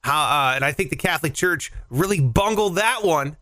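Young male podcast co-host, lively pitch, irreverent jokes, dry close mic; casual banter. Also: a little fast, no room sound. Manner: joking, irreverent, animated. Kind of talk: casual chat. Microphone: headphones and mic, remote call.

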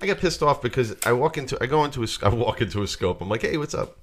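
A man's voice: mid-range voice, expressive, quick pace. A married man hosting a live stream, telling a rambling story full of restarts. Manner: rambling, laughing, many restarts. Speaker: host.

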